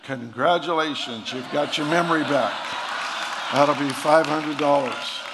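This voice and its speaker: A man's voice: mid-range voice, steady tone, normal speed, a loud crowd, lightly acted. A man putting on a gleeful old quack doctor. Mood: triumphant. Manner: loud gleeful punchline delivery. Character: crafty old male quack doctor, smug. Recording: long hall reverb, faint noise.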